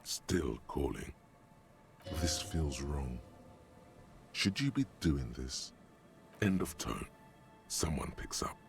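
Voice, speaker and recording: A man's voice: rumbling low, sing-song, slow, gravelly, long pauses, soft background music, full character voice. A man narrating a game in a sardonic, theatrical way.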